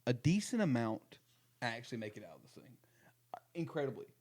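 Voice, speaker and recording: Brief: young male podcast host of middle pitch, talking loosely and rambling through casual chat. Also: very animated, a little fast, a little mellow. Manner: rambling, lots of fillers and restarts.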